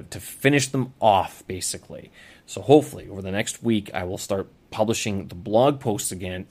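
Rambling man hosting a solo audio blog. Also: medium pitch. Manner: rambling, off-the-cuff, many fillers and restarts. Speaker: podcast host. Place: lives abroad as an expat.

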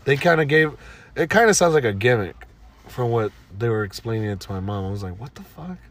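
A man's voice: mid-range voice, a little fast. A man co-hosting a podcast in casual chat, laid-back and blunt, with plenty of slang. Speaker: podcast co-host.

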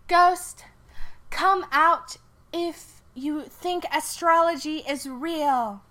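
A woman voicing a cheerful young woman psychic medium who talks in a bright, matter-of-fact way. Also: sits high, drawn-out words, pitched above the performer's own voice, heavily acted. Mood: chirpy.

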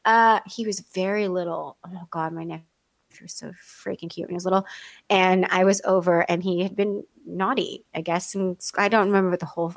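A middle-aged woman in casual talk, telling stories with big swings of pitch and acting out every voice in them. The sound is dry and close, with no room around it. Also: no room sound. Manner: animated storyteller, acts out quoted voices, laughs often. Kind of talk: casual chat.

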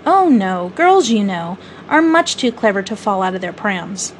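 A woman's voice: medium pitch, sing-song, unhurried, slight background noise. A woman reading aloud as a passionate, boastful boy who never wants to grow up. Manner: passionate, cocky, boyish.

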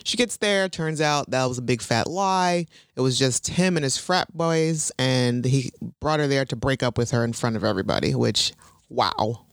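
A woman's voice: extremely low pitch, normal speed, no echo, clean studio sound. A woman co-hosting a casual podcast, recapping a TV episode, laughing often and acting out characters' lines in put-on voices. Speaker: podcast co-host.

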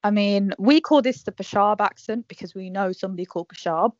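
A woman hosts a casual podcast game, bossy and teasing. Her voice sits at a medium pitch. The sound is dry and close, but dull and lo-fi. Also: a little fast, darkish tone, dry recording. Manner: bossy, teasing, cheering others on. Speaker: podcast host running a game.

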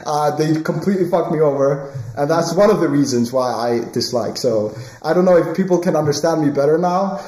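A young man from Sweden co-hosts a casual podcast chat and tells stories with animated energy and plenty of swearing. His voice sits a little high for a man. The room around him sounds echoey. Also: brisk. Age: young adult. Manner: animated storytelling, swears freely. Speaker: podcast co-host.

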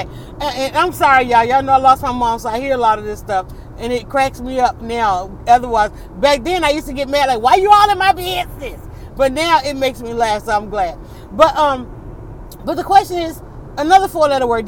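A woman's voice: sits high, slight background noise. Chatty woman vlogging from her car. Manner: chatty, rambling, addresses viewers as y'all. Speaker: podcast host. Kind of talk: casual vlog talk while driving. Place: in a car on city roads.

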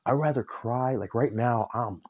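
A man's voice: mid-range voice, measured pace, a little mellow, highs cut off. A man rambling through a candid personal vent, tearful and stumbling over his words. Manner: rambling, self-interrupting, candid. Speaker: vlogger. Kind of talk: personal emotional vent to camera.

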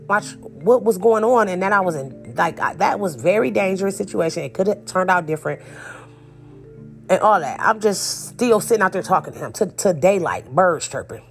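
Animated young woman telling a story. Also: fairly low pitch. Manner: animated, acts out quotes, slangy. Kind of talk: casual storytelling.

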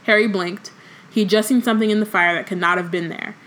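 A woman's voice: medium pitch, fairly even intonation, fast talker, a bit bright, a little hiss or hum, low-quality recording. A woman co-host reading a novel aloud and discussing it, blunt and swearing casually. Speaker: podcast co-host.

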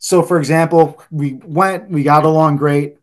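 A man telling loose, animated stories in casual podcast chat, swearing freely and saying "like" a lot. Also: on the high side, normal speed. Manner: loose, profane, heavy use of "like"; animated anecdote teller. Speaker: podcast guest.

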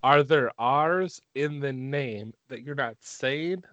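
A man's voice: mid-range voice, takes it slowly, fairly bright tone, no echo, muffled recording. A man co-hosting a casual podcast chat, playful, often laughing and needling his friend. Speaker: podcast co-host.

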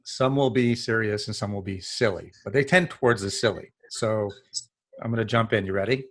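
A man's voice: fairly low pitch, normal speed. A man hosting an interview, asking questions in a friendly, light manner. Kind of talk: casual interview, quiz questions.

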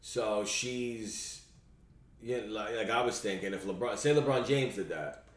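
A man's voice: fairly low pitch, a little slow, roomy sound, far from the mic. A man co-hosting a podcast, ranting bluntly in casual chat and swearing freely. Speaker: podcast co-host.

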